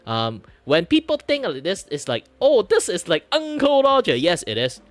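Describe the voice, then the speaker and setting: A man from Malaysia demonstrating a broad, exaggerated Malaysian English accent in a loud, bouncy, chatty way. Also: high voice, huge pitch swings, moderate pace, no room sound, voice pushed up. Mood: animated.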